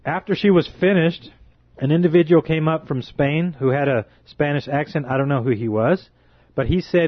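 A man's voice: on the high side, moderate pace, dry recording, lo-fi sound. A man preaching with fervent indignation, drawing out his phrases for emphasis.

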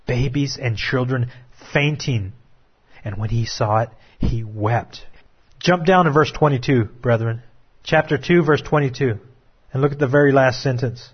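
Husky-voiced male preacher, lo-fi. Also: medium pitch. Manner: dramatic preaching, swings from hushed to raised. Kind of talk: sermon. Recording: dull lo-fi recording.

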